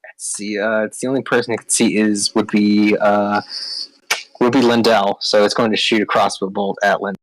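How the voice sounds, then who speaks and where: A man running a tabletop game as dungeon master, talking haltingly with many ums and uhs. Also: lowish voice, level tone, no room sound, poor audio.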